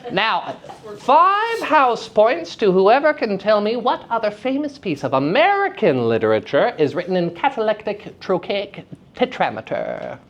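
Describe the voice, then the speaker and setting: A man teaching young actors in a lively, playful lecture, joking with the students. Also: high-pitched, a little slow. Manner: lively, playful, jokes with audience. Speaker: theater teacher. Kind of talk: lecture to high school students. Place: school hall with audience.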